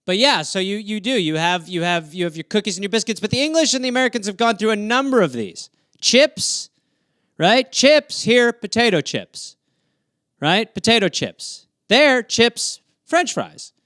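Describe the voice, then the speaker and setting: A man's voice: high-pitched, expressive, moderate pace, fairly bright tone, dry recording. A man from Wisconsin riffing through silly prompts on a livestream, playfully dropping into comic voices. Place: home, livestream. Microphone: phone or webcam.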